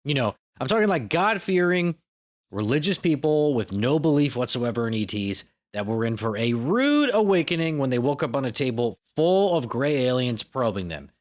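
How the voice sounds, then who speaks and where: Lively, irreverent male podcast host. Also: mid-range voice, normal speed. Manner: irreverent, profane, self-mocking jokes. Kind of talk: comedic podcast monologue.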